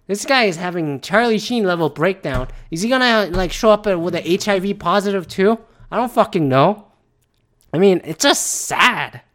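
An exasperated woman rants and rambles, swearing freely as she talks. Her voice sits on the lower side. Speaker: commentator; works in the auto industry. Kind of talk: profane rant.

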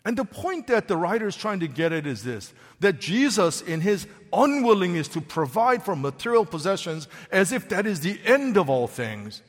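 A male pastor preaching a sermon in a lively way, often putting questions straight to the congregation. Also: high voice, moderate pace, few pauses, big-room sound. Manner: animated, questions the congregation directly.

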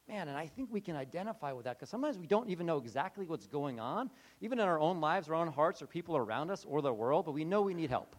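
A man's voice: fairly high pitch, big pitch swings, fast talker, hardly any pauses. A man preaching a casual sermon in a conversational way, acting out the voices of people he quotes. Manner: conversational, acts out quoted voices, many restarts. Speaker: pastor.

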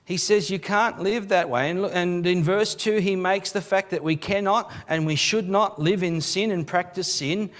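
An Australian pastor with a high voice preaches a live church sermon at normal speed, barely pausing. He reads scripture aloud and explains it, sometimes repeating words as a sentence begins.

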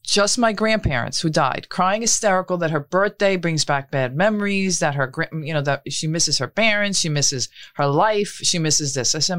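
A woman's voice: fairly low pitch, fairly quick, no room sound, clean studio sound. A middle-aged woman, telling a long story in casual chat and acting out what others said. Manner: animated storytelling, acts out quotes.

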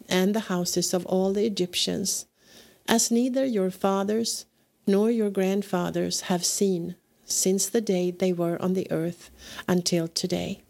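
A woman reading scripture aloud in a measured, deliberate way as a podcast host. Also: medium pitch, vocal fry, darkish tone. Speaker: scripture reader.

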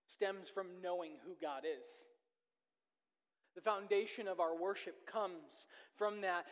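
A man with a fairly high voice preaches a sermon in a church, telling a personal story earnestly. His pace swings between rushed and drawn out, and the long reverb of the hall trails after each phrase. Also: fairly bright tone. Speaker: pastor. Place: church sanctuary.

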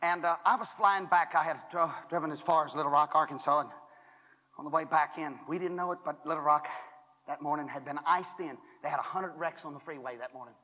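Male revival preacher, high and bright, fiery and booming, old hall recording with long reverb. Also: a little fast. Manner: booming, shouting climaxes, dropping to hushed asides. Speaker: former church superintendent. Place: college chapel revival service.

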